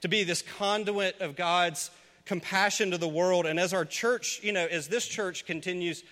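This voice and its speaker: High, bright-voiced man preaching a sermon. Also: moderate pace, in a large hall. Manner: earnest, builds to loud pleading questions. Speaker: pastor.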